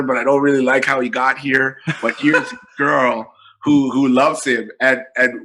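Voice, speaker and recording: Animated storytelling man, husky bright voice. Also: medium pitch, rough recording. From Canada. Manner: animated storytelling, laughing often. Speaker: podcast guest, comedian. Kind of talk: casual interview chat.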